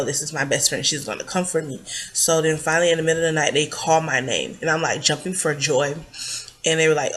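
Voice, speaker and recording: A woman's voice: low voice, a bit bright. A young adult woman vlogger casually retelling a personal story, rambling with plenty of likes and ums.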